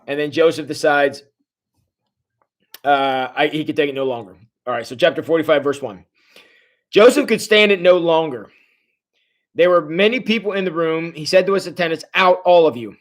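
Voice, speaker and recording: A man leading a casual livestream Bible study as a pastor, chatty and animated, reacting to viewers' comments as he tells the story. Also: on the high side, moderate pace, long pauses.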